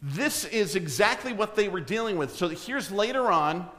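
A man preaching a sermon, asking his congregation questions and swinging from loud emphasis to hushed, near-whispered lines. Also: high-pitched, expressive, normal speed. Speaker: pastor. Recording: long hall reverb.

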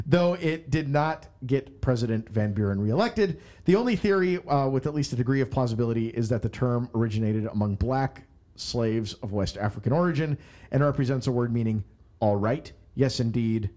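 A man's voice: medium pitch, moderate pace, mellow. A man hosting a casual podcast chat, joking around and stumbling as he reads aloud. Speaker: podcast host.

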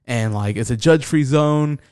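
A man's voice: mid-range voice, normal speed, a little mellow, clear, resonant tone, lightly acted. Man voicing a lofty fake-British VR avatar, preachy and pompous. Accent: put-on British.

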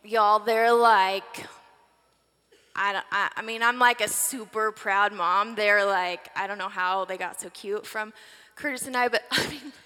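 A woman's voice: mid-range voice, steady tone, unhurried, bright, forceful tone. A woman, giving a casual sermon talk in a chatty, filler-heavy way with laughing asides. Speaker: church speaker. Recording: reverberant hall.

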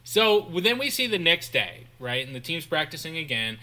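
A podcast co-host with a higher, bright, forceful, sing-song voice speaks at a moderate pace. He casually recaps a film scene by scene, quoting lines in put-on voices.

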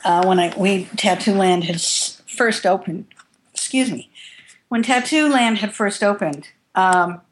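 A woman's voice: mid-range voice, unhurried, slight background noise. A woman tattoo artist telling stories from her working life in an interview, candid and rambling, with some casual swearing. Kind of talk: interview storytelling.

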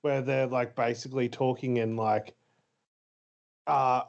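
A man's voice: mid-range voice, flat delivery, unhurried, gravelly. Rambling laid-back man, lo-fi podcast. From Australia. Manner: rambling, filler-heavy, laughs easily. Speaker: podcast co-host. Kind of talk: casual chat. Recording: slightly dull lo-fi audio.

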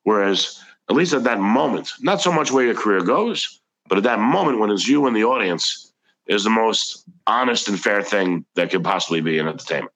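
A man's voice: lowish voice, lively intonation, fairly quick, a bit bright, rough recording. A man, a comedian guest, telling casual anecdotes in a chatty, rambling way. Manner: chatty, anecdotal, frequent restarts. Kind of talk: casual storytelling.

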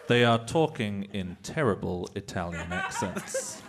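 A man's voice: lowish voice, huge pitch swings, measured pace, very noisy. A man narrating stage directions in a live improv comedy show, often chuckling.

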